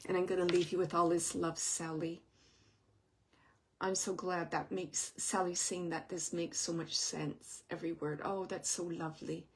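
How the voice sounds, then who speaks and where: A woman giving a live spirit reading to an audience member, speaking gently and wandering through her impressions with soft asides. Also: on the low side, fairly even intonation, unhurried, breathy edge. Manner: gentle, meandering, relays messages with soft asides.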